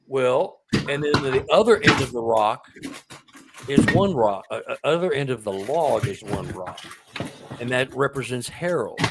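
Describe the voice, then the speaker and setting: A man's voice: mid-range voice, measured pace, very noisy. Emotional man telling a personal story. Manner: emotional, excitable, repeats words when moved. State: close to tears. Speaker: author and guest. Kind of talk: conversational storytelling.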